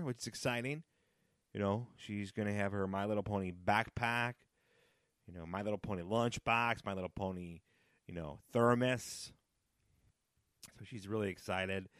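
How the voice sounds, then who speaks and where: A man in his thirties hosting his own podcast, chatting casually and jokily, swinging between loud bursts and low mumbles. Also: no echo, studio quality. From Chicago area. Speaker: podcast host. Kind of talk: casual solo podcast chat.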